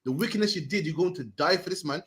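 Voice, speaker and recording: Fast-talking man teaching scripture. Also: on the high side, lively intonation, fairly bright tone. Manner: fast, slangy, peppers lines with "man" and urges readers on. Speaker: Bible class teacher. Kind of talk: lively street-style Bible teaching.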